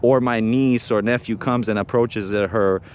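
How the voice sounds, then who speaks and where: A man's voice: lowish voice, fairly even intonation, moderate pace, a little mellow, a little hiss or hum. A man chatting casually on an outdoor livestream while training his dog, rambling with restarts and giving short firm commands. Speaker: dog owner and co-host. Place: outdoors in a park.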